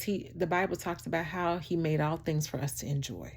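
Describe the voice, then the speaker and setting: A woman vlogger urges her viewer on in a sincere, lively, preachy talk to camera, laughing frequently and using "baby" and "child" as terms of address. She speaks fairly quickly in a low-pitched voice, with few pauses.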